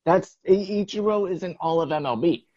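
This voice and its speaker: A young man co-hosting a casual sports podcast, rambling in a relaxed way with lots of "like". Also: high voice, moderate pace, dry recording, dull audio. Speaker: podcast co-host.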